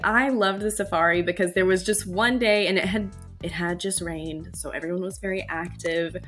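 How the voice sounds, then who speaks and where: A woman's voice: fairly low pitch, fairly even intonation, normal speed, a bit bright, faint music behind. A woman on a casual panel chat, telling stories in a chatty way with lots of filler words. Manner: chatty storyteller, many filler likes. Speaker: panel member.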